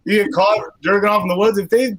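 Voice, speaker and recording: A man's voice: high voice, steady tone, fast, a bit bright, dry recording, rough recording. A young adult man doing a rambling, self-deprecating stand-up set, telling awkward personal stories. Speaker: stand-up comedian.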